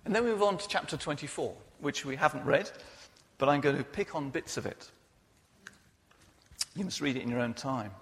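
A man's voice: on the high side, expressive, brisk, pauses often. A man preaching a sermon in a church, earnest and personal in his delivery. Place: church hall. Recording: reverberant church hall.

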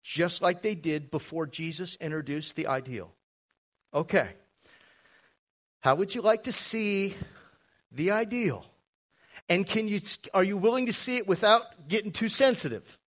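A man preaching a sermon, emphatic and addressing the congregation directly with asides. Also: sits high. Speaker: pastor.

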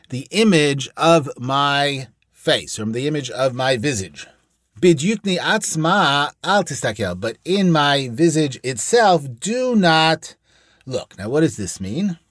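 A man's voice: mid-range voice, no room sound. Man teaching an ancient text, dry sound. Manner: reads Aramaic phrases aloud, then glosses them in English; explanatory, digressive. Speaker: Talmud teacher. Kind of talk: text-study lecture.

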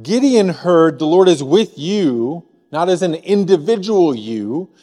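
A man from Missouri preaching a sermon as pastor, in a conversational way, often asking the room a quick "right?". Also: a little high, lively intonation, dark tone, big-room sound. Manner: conversational, frequent rhetorical "right?". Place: church sanctuary.

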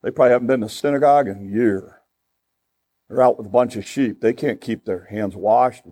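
A man's voice: mid-range voice, expressive, normal speed, darkish tone, dry recording. A man putting on a scornful self-righteous Pharisee. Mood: sneering. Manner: scornful, boastful.

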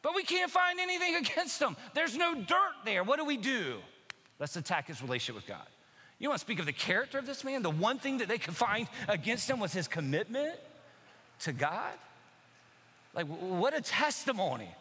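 A man preaching a sermon in a lively, conversational way, acting out quotes and shifting between loud asides and quiet, low emphasis. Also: normal speed, slightly rough, long reverb tail. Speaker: pastor. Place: church sanctuary.

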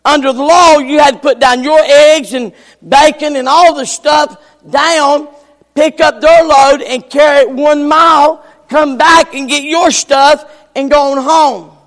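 An older man preaching a sermon, swinging from shouts to hushed near whispers. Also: very high voice, fairly even intonation, unhurried. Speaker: pastor. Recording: long hall reverb.

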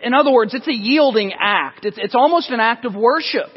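High-voiced pastor in a reverberant sanctuary. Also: male voice, a little fast, husky, muffled recording. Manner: conversational preaching with frequent restarts and asides. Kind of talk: expository sermon. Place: church sanctuary.

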